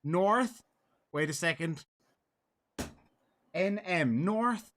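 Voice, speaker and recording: An Irish man hosting a casual livestream, chatting and reading out donations with quick laughs. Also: high-pitched, expressive, fairly bright tone. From Ireland. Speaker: host.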